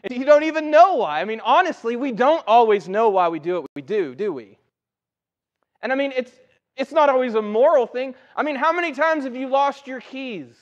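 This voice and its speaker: A man preaching a conversational sermon, telling folksy stories with animated energy. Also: very high voice, normal speed. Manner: folksy, animated storytelling with rising excitement. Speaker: pastor. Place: church sanctuary. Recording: dull sound with long hall reverb.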